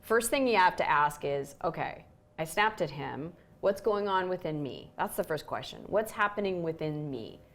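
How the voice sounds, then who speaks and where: A woman's voice: low voice, lively intonation, moderate pace, a bit bright. A woman co-hosting a relationship show, telling a story candidly and acting out quoted lines with animation.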